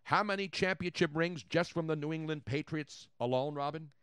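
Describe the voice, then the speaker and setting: A man hosting a sports talk show, talking in a loud, theatrical way and bantering with his co-host. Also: fairly high pitch, moderate pace, clean tone, no room sound, clean studio sound.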